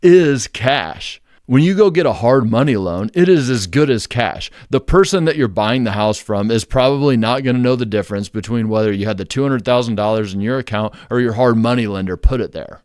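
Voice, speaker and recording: A man's voice: lowish voice, darkish tone, no echo, studio quality. A man, hosting a real estate investing channel, explaining in a blunt, conversational and emphatic way. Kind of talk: casual explainer to camera.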